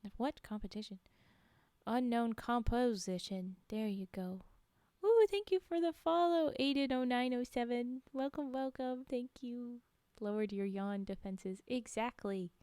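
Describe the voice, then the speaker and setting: A young woman streamer reading spooky stories aloud and chatting with viewers in giggly, animated asides. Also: fairly high pitch, moderate pace, clear, resonant tone, dry recording, clean studio sound.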